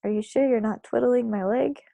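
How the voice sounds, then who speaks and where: Woman doing storybook giant: old, kindly, earnest, gravelly edge. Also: fairly high pitch, moderate pace, dry recording. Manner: garbled grammar, loud and earnest. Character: huge kindly old male giant, muddled talker.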